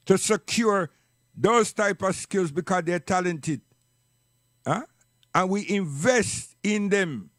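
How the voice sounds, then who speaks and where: A man with a Jamaican accent, a fairly high pitch, and a fairly bright tone gives an impassioned spoken monologue in clean studio sound with no room sound. Preachy and emphatic, he keeps repeating questions, especially "you understand?".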